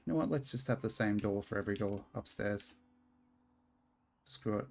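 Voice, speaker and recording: Gravelly Australian man chatting on stream. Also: lowish voice, moderate pace, darkish tone, soft background music. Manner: rambling, swears freely, jokes at himself. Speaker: game streamer. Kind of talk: casual live-stream chat while playing.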